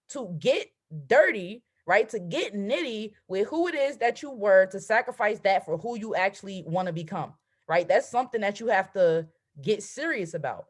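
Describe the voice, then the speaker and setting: Speaking in a fairly high pitch, a twenty-something woman coaches trading on a motivational video-call live stream. Her delivery is emphatic, with "right?" thrown in constantly.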